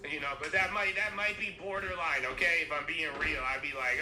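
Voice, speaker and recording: This man's voice is a little high and a little fast, with hardly any pauses. He chats casually and rambles, swearing freely and acting out imagined conversations, recorded in an echoey, noisy room.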